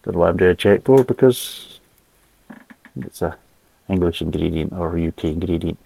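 A man's voice: low-pitched, moderate pace, creaky, mellow, husky, low-quality recording. A man reviewing a beer in a casual, rambling way, blunt and full of swearing.

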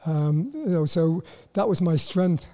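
High-voiced Welsh man in his 60s. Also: lively intonation, mellow. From Wales. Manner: halting, repeats words, self-deprecating. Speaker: guest, former footballer. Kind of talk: casual interview chat.

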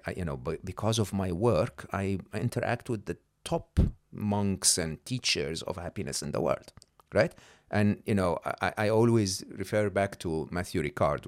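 A man talking as a podcast guest in an animated way, often checking in with "right?" and "hmm?" and restarting his sentences. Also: low voice. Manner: frequent restarts and repeated words. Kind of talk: conversational interview.

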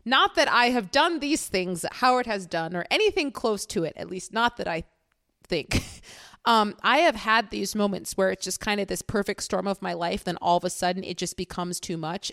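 A woman in casual podcast chat, talking through a film scene by scene. Her voice turns animated whenever she acts out a character's lines, and she laughs often. The sound is close and dry. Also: mid-range voice, no echo. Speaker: podcast co-host.

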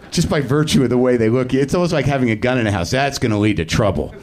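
Rambling, profane comedy podcast host. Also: male voice, medium pitch. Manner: rambling, profane, self-deprecating. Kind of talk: live stand-up-style monologue. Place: comedy theater stage, live audience.

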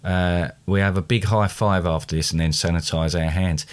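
Brief: hoarse man with a very low, gravelly voice, dry wit, casual podcast co-host. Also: steady tone, normal speed. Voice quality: gravelly, deeper than usual. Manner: dry joking asides. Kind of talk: casual chat.

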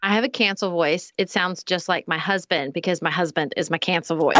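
A woman co-hosting a podcast, chatting in an animated, playful way. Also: lowish voice, brisk, hardly any pauses, background noise. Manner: animated, playful, puts on voices when quoting. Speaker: podcast co-host. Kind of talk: casual chat.

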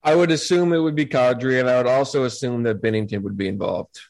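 Measured male co-host musing on hockey. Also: mid-range voice, darkish tone, poor audio. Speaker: podcast co-host. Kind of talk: casual sports chat.

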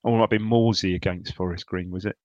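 A man's voice: sits low, steady tone, quick pace, darkish tone, dry recording, muffled recording. A man co-hosting a casual football chat, enthusiastic but hesitant, with many ums. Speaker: podcast co-host.

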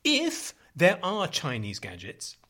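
Um homem britânico conversa de forma brincalhona e descontraída na cozinha de casa, com uma voz um pouco aguda e entonação muito viva. Ele salta de ideia em ideia e recomeça as frases a toda hora. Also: male voice, fairly high pitch, wildly swooping pitch, slow, bright, forceful tone. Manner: playful, jumps between ideas, lots of restarts. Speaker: podcast co-host. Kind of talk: casual chat. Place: home kitchen.

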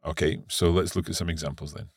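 A man's voice: rumbling low, fairly even intonation, fast talker, husky, no echo, clean studio sound. A man co-hosting an Italian language lesson, summarizing examples and spelling words out letter by letter. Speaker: co-host, learner of Italian.

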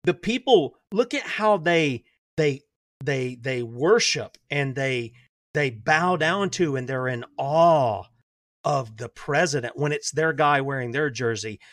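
A man's voice: medium pitch, lively intonation, takes it slowly, fairly bright tone, dry recording, studio quality. Emphatic male talk radio host. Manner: conversational, emphatic, frequent restarts.

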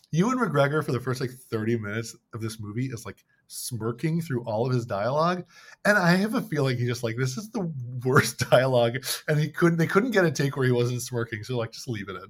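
A man chatting at a quick clip on a podcast, recapping a film with plenty of fillers and restarts. His pitch sits in the middle of the range, and he jumps into goofy voices to act out the characters' lines. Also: big pitch swings, fairly bright tone. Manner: rambling, filler-heavy, acts out quotes in silly voices. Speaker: podcast co-host. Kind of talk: casual movie recap chat.

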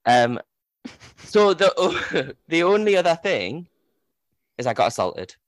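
A man's voice: on the high side, big pitch swings, takes it slowly, no echo. A man in his thirties hosting a podcast, telling a story candidly and mocking himself, often laughing. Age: 30s. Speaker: podcast host. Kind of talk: casual storytelling chat.

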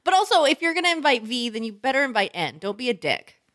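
A woman co-hosting an advice podcast, animated and frank, laughing often and swearing casually. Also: sits high, fast. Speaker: podcast co-host.

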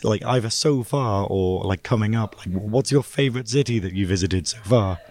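A man's voice: on the low side, moderate pace, a little mellow. A man co-hosting a podcast and interviewing a guest, playful and bubbly. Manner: playful, bubbly, laughs often. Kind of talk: casual podcast chat.

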